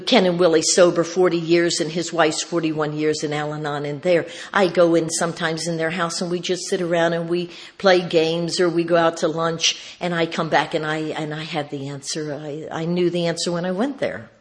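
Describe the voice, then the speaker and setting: A woman's voice: deep voice, flat delivery, normal speed, few pauses. A woman speaking at a recovery meeting, telling a personal story in a folksy, wry way and acting out the dialogue she recalls.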